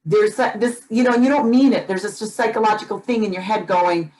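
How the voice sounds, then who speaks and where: A woman co-hosting a podcast chats casually but earnestly and passionately, often restarting and repeating words as she gets worked up. Her voice is medium-pitched and darkish, a little fast, and the audio quality is poor.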